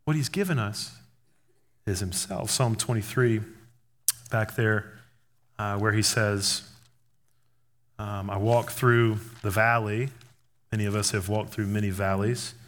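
A man preaching a sermon in an animated, conversational way, acting out little scenes as he goes. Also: on the low side, unhurried, long pauses.

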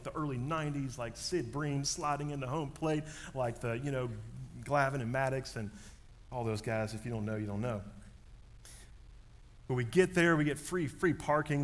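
A pastor with a medium-pitched voice preaches a sermon, telling a story with animation. He drops to a hush and then rises loud.

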